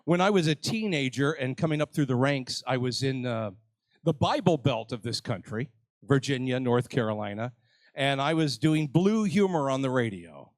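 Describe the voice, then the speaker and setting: An older man of medium pitch runs a live panel at a convention, joking with attendees and teasing himself. The recording is dry.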